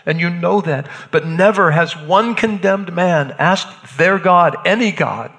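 A man's voice: sits high, fairly bright tone, long reverb tail. A man playing a shaken Roman centurion. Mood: grave, shaken. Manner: halting, stammers and repeats words. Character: shaken Roman centurion, hardened male executioner.

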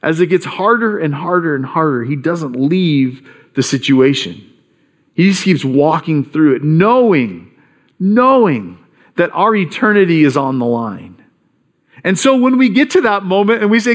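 Male pastor, sermon, earnest, emphatic, slightly higher voice. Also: expressive, normal speed. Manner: earnest, emphatic preaching with dramatic quoted voices.

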